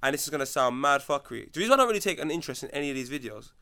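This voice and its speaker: A man's voice: medium pitch, lively intonation, racing, bright, forceful tone. A man in casual podcast chat, speaking bluntly and frankly. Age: adult parent. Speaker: podcast co-host.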